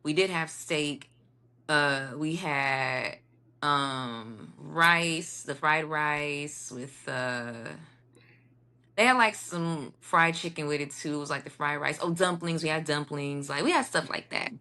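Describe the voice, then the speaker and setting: A woman's voice: sits low, slow, sharp tone. A woman in her thirties, a guest in a casual interview, talking in a rambling way with many fillers. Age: 30s. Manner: rambling, filler-heavy talk. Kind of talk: casual chat.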